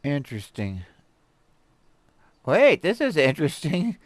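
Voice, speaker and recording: A man hosting a stream and reading articles aloud, rambling and animated, with many fillers, restarts and laughs. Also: fairly high pitch, measured pace, dry recording, studio quality. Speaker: host reviewing articles. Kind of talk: casual commentary on a live stream. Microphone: desk mic with a stream deck.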